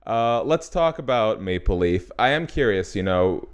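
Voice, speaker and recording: A man hosting a wrestling interview, relaxed and reflective between questions. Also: fairly low pitch, measured pace, clean tone. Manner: relaxed, reflective, brief affirmations. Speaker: interview host. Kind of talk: conversational podcast interview.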